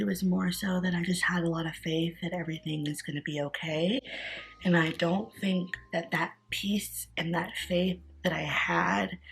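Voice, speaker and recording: A woman's voice: on the low side, slightly rough. A woman in her twenties vlogging casually to camera, chatty and candid, her voice groggy with morning sleepiness. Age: 20s. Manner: chatty and candid, rambling with fillers.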